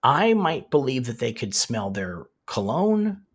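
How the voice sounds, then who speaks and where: A man co-hosting a casual show chat, animated and laughing often as he recaps scenes. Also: medium pitch, a little slow, slightly rough. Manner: animated, laughing, quoting characters in asides. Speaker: podcast co-host.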